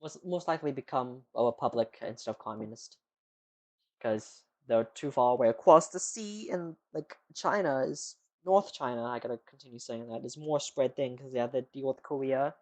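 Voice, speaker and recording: A man's voice: medium pitch, moderate pace, a little mellow. A man streaming live, rambling casually as he answers chat questions, with lots of "like" and "you know.".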